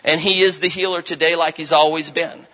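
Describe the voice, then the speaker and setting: A man's voice: on the high side, steady tone, brisk, pushed and bright, low-quality recording. A man in his thirties preaching a revival sermon, telling healing stories and rising into fervent, emphatic declarations.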